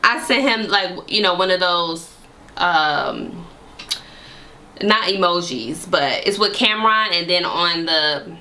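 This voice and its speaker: A young adult woman vlogger telling a casual storytime, animated and sassy, full of slang and asides to her viewers. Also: on the low side, slow, slight background noise. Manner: animated, sassy, slangy retelling with frequent laughs.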